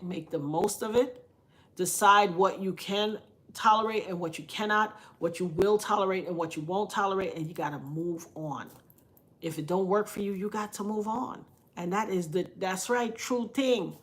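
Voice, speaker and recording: A woman's voice: medium pitch, normal speed. A woman telling a personal story in casual talk, frank and colloquial, acting out the other people's voices as she goes. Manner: animated, acts out quoted voices. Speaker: vlogger.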